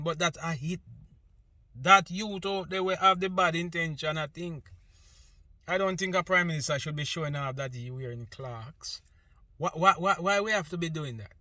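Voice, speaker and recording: A man's voice: a little high, pushed and bright, no echo. A man from Jamaica with a Jamaican accent, talking through an earnest, opinionated monologue as host, slipping between patois and English. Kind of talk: casual monologue.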